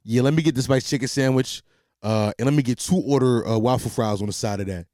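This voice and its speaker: A man voicing himself ordering fast food in an exaggerated deep, drawling voice full of "uh". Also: mellow, dry recording, studio quality, lightly acted. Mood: mock-serious.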